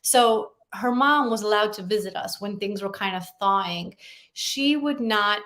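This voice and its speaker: A woman's voice: medium pitch, unhurried, a bit bright. A woman in her forties, born in Russia and raised in the US, answering interview questions in an earnest, conversational way. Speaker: guest, columnist.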